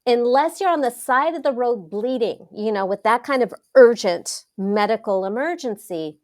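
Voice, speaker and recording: A middle-aged woman, a wealth coach, telling stories in a casual interview with dramatic, expressive delivery. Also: a little high, normal speed. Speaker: wealth coach, podcast guest.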